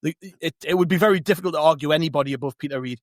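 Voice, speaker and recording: Animated podcast man arguing his case. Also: fairly high pitch, racing, no echo, clean studio sound. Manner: animated, argumentative, restarts phrases. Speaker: podcast co-host. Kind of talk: casual football chat.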